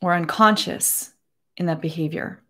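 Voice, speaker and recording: A woman in her forties speaking earnestly to camera from her home, emotional and holding back tears, with many halting restarts. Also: on the low side, a bit bright. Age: 40s. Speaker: beauty vlogger. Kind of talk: personal address to camera.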